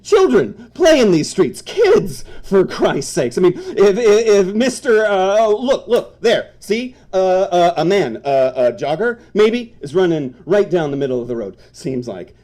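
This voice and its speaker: A man reads his own fiction aloud to a live crowd with a high, lively voice that leaps around. His delivery is frantic and dramatic, pushing into yells and bursts of laughter. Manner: frantic, breaks into yelling and laughter.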